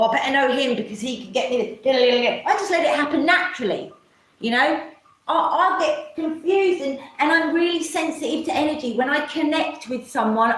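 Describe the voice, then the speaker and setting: A woman ranting on a live stream, rambling, swearing often and mocking others in put-on voices. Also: high-pitched. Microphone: camera mic. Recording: echoey room.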